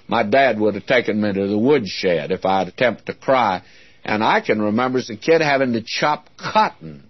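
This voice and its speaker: Earnest preacher on a dull lo-fi recording. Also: male voice, mid-range voice, no room sound. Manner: earnest, folksy, often calls listeners "friends". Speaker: preacher, Bible teacher. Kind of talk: expository sermon.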